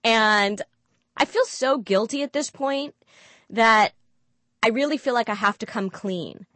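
A woman telling a personal story in an interview, candid and animated, acting out the dialogue she quotes. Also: a little high, unhurried, no echo. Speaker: guest storyteller.

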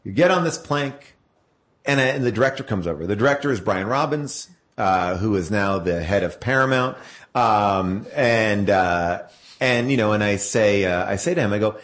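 A man's voice: lowish voice, moderate pace, a bit bright, roomy sound. A man telling a long anecdote as a guest, rambling with fillers and self-corrections. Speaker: actor telling a story as a guest.

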